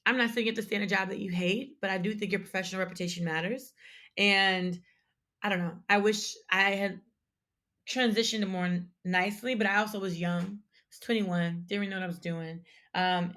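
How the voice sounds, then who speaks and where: A woman's voice: medium pitch, steady tone, fairly quick, fairly bright tone. A young adult woman, a company founder, telling her story in a casual and candid way as an interview guest, with lots of fillers. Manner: candid, chatty, frequent fillers.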